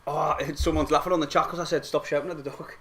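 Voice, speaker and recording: An excitable young man calls a football match live for his viewers. His voice sits fairly high, and he swears freely and talks straight to the chat. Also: fast, a little hiss or hum. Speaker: football fan streamer commenting on a live match. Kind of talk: casual live match commentary.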